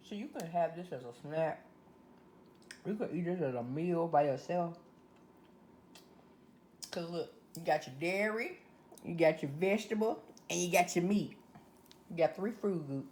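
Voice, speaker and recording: A woman's voice: fairly low pitch, lively intonation, measured pace, pauses often, darkish tone, slight background noise. A woman with a Southern US accent hosting a casual cooking video, chatting to viewers as she works. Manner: chatty, addresses viewers as y'all. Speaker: cooking channel host.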